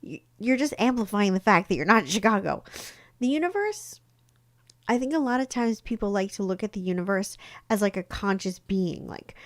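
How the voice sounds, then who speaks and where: A woman's voice: mid-range voice, animated, normal speed. A woman psychic talking casually on a live stream, chatty and rambling with many fillers. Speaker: psychic tarot reader.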